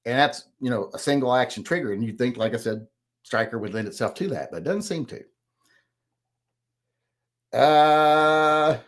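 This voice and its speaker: A middle-aged man hosting a casual chat, reading viewer comments aloud and answering them in a rambling, self-correcting, plain-spoken way. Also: mid-range voice. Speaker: host.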